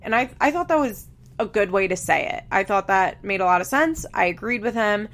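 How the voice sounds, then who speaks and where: Young female podcast host, casual and opinionated, mid-pitched, laughs easily. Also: expressive, brisk, fairly bright tone. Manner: chatty, opinionated, laughs often, lots of "like". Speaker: podcast host recapping a reality show. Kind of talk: casual recap chat.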